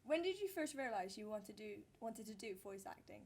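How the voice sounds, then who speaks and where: A woman's voice: medium pitch, big pitch swings, a little fast, darkish tone, husky. A woman interviewer asking eager questions, giggling often. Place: convention interview.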